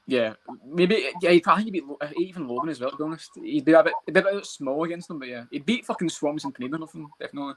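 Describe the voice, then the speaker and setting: A man co-hosting a casual podcast chat about fights, talking fast, swearing and laughing a lot. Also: on the high side, fairly bright tone. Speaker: podcast co-host.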